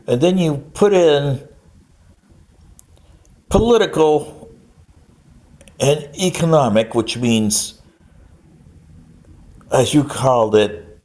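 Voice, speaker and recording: A man's voice: on the high side, extremely slow, long pauses, darkish tone. An older man giving a rambling, scolding lecture-style monologue straight to the camera. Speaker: vlogger.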